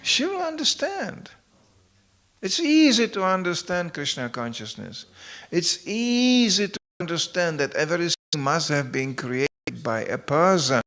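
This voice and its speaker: A man with a gravelly, creaky voice lecturing on scripture in a relaxed, conversational way. He keeps it light and humorous, slipping in stories and asides as he goes. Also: fairly high pitch, unhurried. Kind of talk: devotional lecture.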